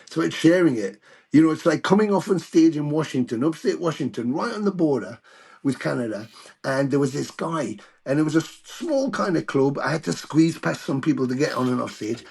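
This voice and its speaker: A British man in his older years, a guest musician telling stories in a casual interview, animated and swearing freely. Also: on the high side, a little fast, creaky, slightly rough. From United Kingdom.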